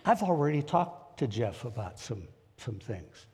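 A man's voice: medium pitch, sing-song, measured pace, a little mellow, breathy edge, big-room sound. A man giving a conversational sermon in a church, folksy and plain-spoken as he talks straight to the congregation. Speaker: preacher. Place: church sanctuary.

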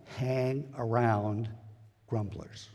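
A man's voice: mid-range voice, fairly even intonation, drawn-out words, mellow, in a large hall. A man giving a conversational sermon in a church, folksy and plain-spoken as he talks straight to the congregation. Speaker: preacher. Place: church sanctuary.

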